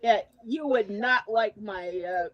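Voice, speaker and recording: A woman joining a casual chat with slow, laughing asides. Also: mid-range voice, lo-fi sound, crowd noise.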